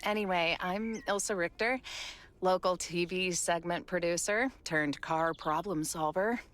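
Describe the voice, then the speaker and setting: A wry, level-headed TV producer. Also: female voice, lowish voice, measured pace. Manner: wry, teasing, calm. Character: dry, practical female TV segment producer.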